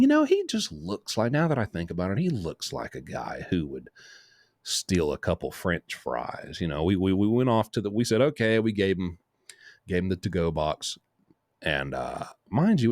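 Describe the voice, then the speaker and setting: Low-voiced man telling a rambling anecdote. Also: no echo, studio quality. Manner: rambling, lively anecdote full of asides. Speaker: host. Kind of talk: casual storytelling.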